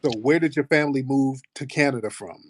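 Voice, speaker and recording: American man, casual host, profane teasing banter, mid-pitched, dry close sound. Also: fast, no echo. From United States. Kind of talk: casual live-stream chat.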